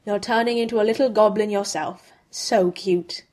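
A woman's voice: mid-range voice, steady tone, moderate pace, a little mellow, lightly acted. A woman voicing a teasing young adult male friend in an audiobook reading, playful and a bit doubtful.

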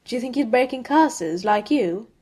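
A woman's voice: on the high side, expressive, moderate pace, warm tone, husky, pitched above the performer's own voice. A woman doing a teasing young man, light and ribbing. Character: teasing young adult male best friend.

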